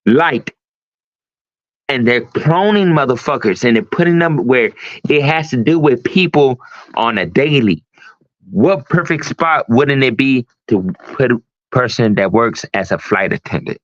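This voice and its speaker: A man's voice: mid-range voice, expressive, unhurried, no room sound. A man hosting a livestream talk show, ranting emphatically with a lot of profanity. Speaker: host. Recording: dull lo-fi stream audio.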